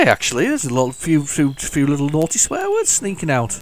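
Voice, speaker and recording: A man's voice: a little high, huge pitch swings, fairly quick. Chatty man commenting on gameplay. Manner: chatty and enthusiastic, rambling with many restarts; hums the game tunes along. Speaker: retro gaming video host. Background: faint retro game music.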